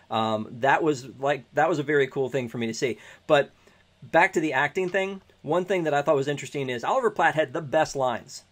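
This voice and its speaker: Man co-host, loose filler-heavy movie chat, mid-pitched everyday voice. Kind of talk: casual movie review chat.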